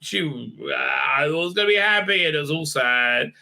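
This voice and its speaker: A man's voice: a little high, expressive, measured pace, gravelly, bright, forceful tone. Rambling man recapping a show. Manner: rambling, acts out characters' lines; many filler sounds and restarts. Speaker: host. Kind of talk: casual recap and review.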